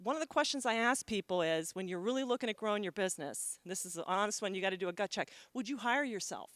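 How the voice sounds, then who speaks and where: A middle-aged woman giving a lively, joking motivational talk as keynote speaker. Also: medium pitch, fast talker, no room sound. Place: conference stage.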